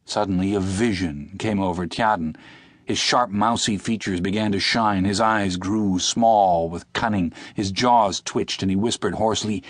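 A man narrating an audiobook in a measured, steady reading. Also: sits low, dry recording.

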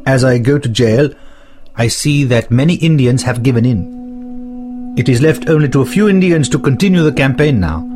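An earnest, principled leader speaks in slow, solemn, formal sentences, as a man reads his words. The voice sits at a middle pitch. Sitar music plays clearly behind him. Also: animated, close to an everyday voice. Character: earnest male leader writing to followers and son. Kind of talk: documentary reading of historical letters and speeches.

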